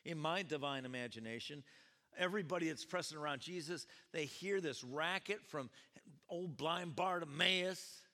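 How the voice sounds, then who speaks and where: A male pastor delivers a lively, storytelling sermon, often jumping into loud acted quotes. His voice is bright and sits a little high, with a lively pitch. A long hall reverb trails every phrase. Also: moderate pace. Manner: animated storytelling, jumps into shouted quotes. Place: church sanctuary.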